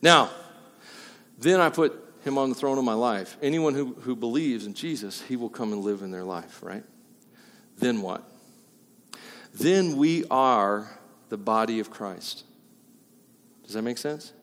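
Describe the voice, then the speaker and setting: A man's voice: mid-range voice, a little slow, long pauses. Emphatic preacher man in a reverberant hall. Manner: emphatic, jokey asides, swings between loud and quiet. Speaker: pastor. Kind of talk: sermon. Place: church hall.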